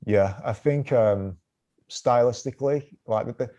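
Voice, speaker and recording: A man's voice: medium pitch, a little slow, mellow, highs cut off. A man calling in to a comedy show, talking thoughtfully and hedging often. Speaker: caller. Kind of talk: casual chat.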